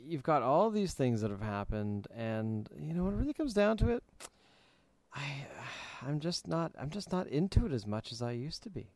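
Gravelly-voiced man on a podcast. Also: fairly high pitch, very animated, normal speed, darkish tone, dry recording. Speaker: podcast co-host. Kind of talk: casual podcast chat.

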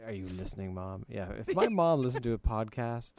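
Gravelly-voiced man on a podcast. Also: mid-range voice, very animated, fairly quick, very noisy. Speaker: podcast co-host. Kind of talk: casual podcast chat.

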